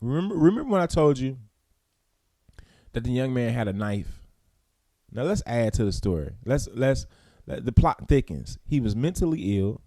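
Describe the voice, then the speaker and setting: A man hosting a morning talk show, giving preacherly, emphatic commentary that climbs to loud peaks and drops low. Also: big pitch swings, moderate pace, pauses often, no echo, clean studio sound. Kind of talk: impassioned commentary and news reading.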